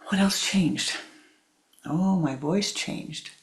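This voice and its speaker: A woman spiritual teacher giving a sermon, telling a story in a deliberate way and acting out its voices. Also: fairly low pitch.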